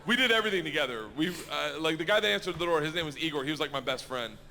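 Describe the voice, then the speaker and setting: A man telling a rowdy stand-up story on stage, shouting his punchlines. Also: on the high side, expressive, rapid-fire. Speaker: stand-up comedian. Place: stage before a live audience. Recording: reverberant theater recording with noise.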